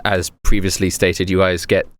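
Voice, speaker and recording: A man's voice: low-pitched, flat delivery, moderate pace. A man narrating as game master of a tabletop game, loose and rambling with many fillers.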